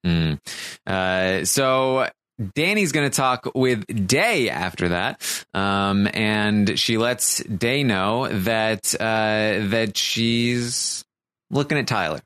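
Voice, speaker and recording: A man with a fairly low voice, recorded dry and close with no room sound. He recaps a reality show in casual chat, halting and restarting as he goes. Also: expressive, fairly bright tone, clear, resonant tone, no echo. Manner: halting, many fillers and restarts.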